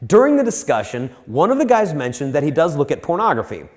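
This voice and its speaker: A man giving a storytelling talk to a live audience, animated and acting out the voices he quotes. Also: on the high side, fast talker. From United States. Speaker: speaker. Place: large hall with an audience. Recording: echoey hall.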